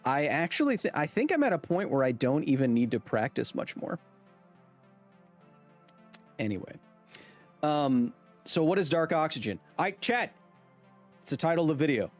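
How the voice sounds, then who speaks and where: A man's voice: fairly high pitch, big pitch swings, soft background music. A man hosting a science livestream, chatting casually and joking with his viewers. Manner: jokey, talks to chat, quick asides.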